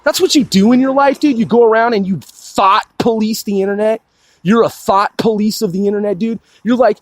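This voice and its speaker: A man's voice: high voice, a little fast, dry recording. A man ranting in a profane, combative and boastful monologue, peppering his speech with "dude". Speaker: crowdfunding campaigner.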